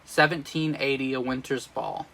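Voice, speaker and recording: A man reading a musical script aloud on a livestream, plainly and quickly, with dry asides. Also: medium pitch, fairly even intonation, creaky, sharp tone, poor audio.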